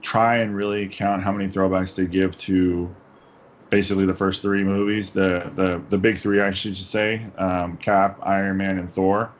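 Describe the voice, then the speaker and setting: A man with a lowish voice chats about a film, animated and laughing through his retellings. His mic sounds dull and lo-fi, with a faint hiss underneath. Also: normal speed. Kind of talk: casual film discussion.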